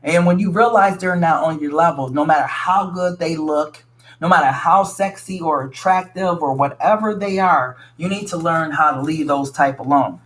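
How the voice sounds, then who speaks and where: A man's voice: fairly high pitch, normal speed, fairly bright tone. A man giving a casual tarot reading to his viewers, talking bluntly and frankly, swearing freely and calling the listener sweetie. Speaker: tarot reader.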